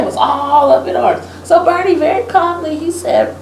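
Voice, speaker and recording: A woman co-hosting a casual political podcast tells a story and acts out what others said, laughing often. Her voice is high and creaky, brisk with few pauses. The room is echoey, with a faint ambient hiss.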